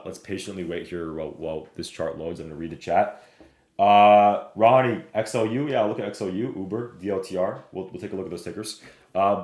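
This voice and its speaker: A man's voice: low voice, darkish tone. A man streaming live, walking viewers through stock charts, reading the chat and checking in with "right?" and "okay?". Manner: fast, repeats "right?" and "okay?", reads chat aloud. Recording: roomy echo.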